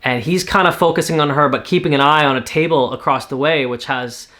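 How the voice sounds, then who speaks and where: Canadian guy rambling through a show pitch, lots of um and you know. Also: brisk, sharp tone. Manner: rambling, filler-heavy. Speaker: author pitching a TV series. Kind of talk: casual spoken story pitch.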